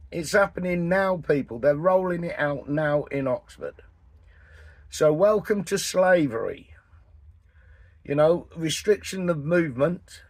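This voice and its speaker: Husky older english guy in his 60s, swears a lot, blunt vlog rant from the van. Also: on the high side, dry recording. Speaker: vanlife vlogger. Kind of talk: casual ranting vlog. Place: in and around a camper van, partly outdoors.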